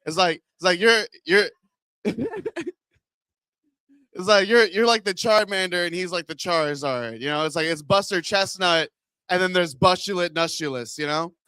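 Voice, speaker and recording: A man's voice: sits high, lively intonation, moderate pace, bright, forceful tone, clean tone, dry recording, studio quality. A man doing a stand-up comedy set in a club, chatting with the crowd, rambling and laughing at his own jokes.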